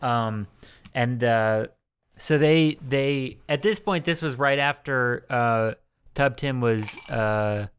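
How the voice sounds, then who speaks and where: A man's voice: medium pitch, takes it slowly, clean tone, no room sound. Male podcast co-host, clean resonant tone, loose rambling delivery with fillers. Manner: rambling, profane, many fillers. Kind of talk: casual movie-review chat.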